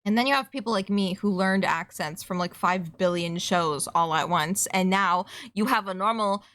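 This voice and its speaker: A young adult woman with a Canadian accent talking through a game stream. She rambles from one aside to the next, swears offhandedly, and her voice sits at an ordinary middle pitch. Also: moderate pace, fairly bright tone. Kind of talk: casual streaming chat while gaming.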